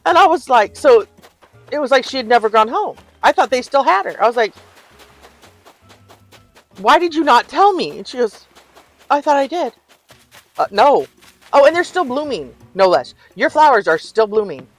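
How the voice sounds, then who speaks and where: An older woman chats away as she plays a cozy game on stream, spinning stories and laughing often. Her voice sits high, and soft music plays quietly underneath. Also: big pitch swings, fairly quick. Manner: chatty storyteller, laughs often. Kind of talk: casual gameplay chat.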